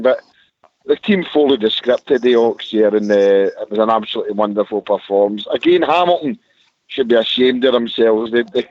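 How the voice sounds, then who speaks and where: Excited Scottish football fan calling in. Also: male voice, on the low side, no echo. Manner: enthusiastic, repeats superlatives. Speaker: caller. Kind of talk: casual phone-in chat. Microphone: phone from a parked car. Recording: muffled phone line.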